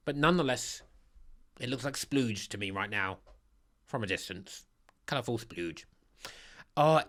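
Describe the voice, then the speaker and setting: A man giving blunt, crude, sarcastic commentary while ranking football kits. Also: a bit bright. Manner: blunt, crude and sarcastic, with big swings in pitch. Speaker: football kit reviewer. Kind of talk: comedic kit ranking commentary.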